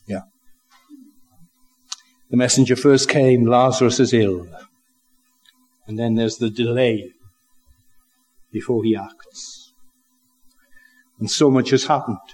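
An older man preaching a sermon, slow and reflective, building to emphatic rises. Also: medium pitch, steady tone, darkish tone, breathy edge, poor audio. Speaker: pastor.

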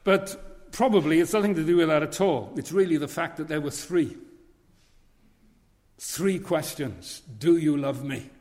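A man's voice: a little high, unhurried, pauses often, a little mellow. A man preaching a sermon in a church, earnest and leaning on repeated phrases. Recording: long reverb of a large hall.

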